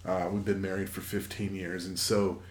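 Rambling man with a low voice. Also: level tone. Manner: rambling, halting, many fillers and restarts. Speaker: podcast co-host. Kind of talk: casual storytelling chat. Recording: echoey room.

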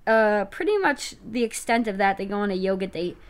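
A woman's voice: mid-range voice, brisk. A young woman co-hosting a podcast, recapping a reality show in casual, chatty talk full of fillers. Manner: chatty, filler-heavy, animated retelling. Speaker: podcast co-host.

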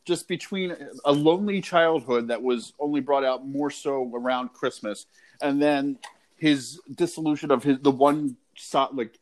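A man in a relaxed chat, hesitant and restarting often as he works out his ideas. His talk is thoughtful and loose, full of fillers. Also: medium pitch, unhurried, rough recording. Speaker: podcast co-host. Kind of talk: casual movie-discussion chat.

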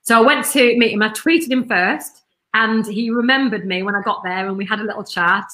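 A woman's voice: fairly high pitch, brisk, sharp tone. A woman who runs a marketing business, chatting in an interview in a blunt, enthusiastic, very talkative way. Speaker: marketing business owner, podcast guest. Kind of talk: casual interview chat.

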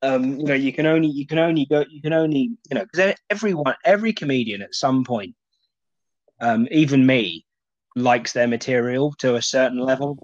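A man's voice: mid-range voice, a little fast, no echo. A man, a stand-up comedian chatting as a podcast guest, rambling with lots of restarts and swearing. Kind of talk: casual podcast chat. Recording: muffled dry lo-fi audio.

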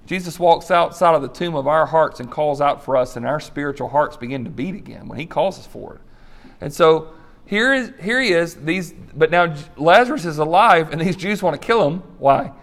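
Animated preaching man. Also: a little high, normal speed, creaky. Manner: animated storytelling with acted-out voices and laughs. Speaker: pastor. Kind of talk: sermon.

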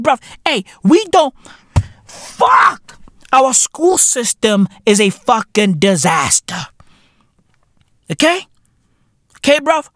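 Man, South African accent, podcast host, comedic rant, heavy swearing, slow delivery, very lively pitch. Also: no echo, clean studio sound. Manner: profane, swings from shouting to low muttering.

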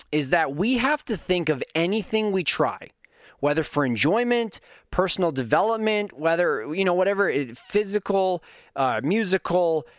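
Animated man with a leaping voice. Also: no echo, clean studio sound. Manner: animated, voice leaps up high when emphatic. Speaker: streamer talking to his chat. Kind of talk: casual motivational talk with anecdotes.

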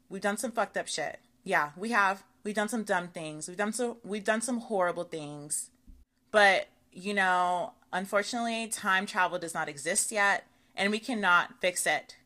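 A young adult woman hosting her own podcast, talking casually and swearing freely, with lots of "okay" and "y'all". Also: lowish voice. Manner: chatty, animated, swears freely, says okay and y'all a lot. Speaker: podcast host. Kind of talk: casual solo podcast monologue.

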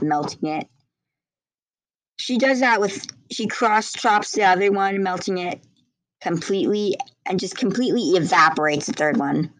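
A woman's voice: on the low side, no room sound, poor audio. A young woman narrating her own fan story casually, rambling and restarting often.

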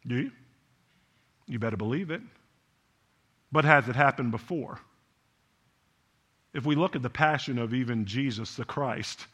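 A man's voice: mid-range voice, a bit bright, slightly rough. A man preaching a sermon in a conversational way, often tossing rhetorical questions to the congregation. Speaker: pastor.

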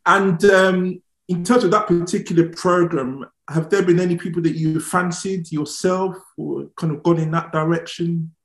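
A man's voice: sits high, steady tone, moderate pace, echoey room. A man interviewing a guest, stacking several questions together.

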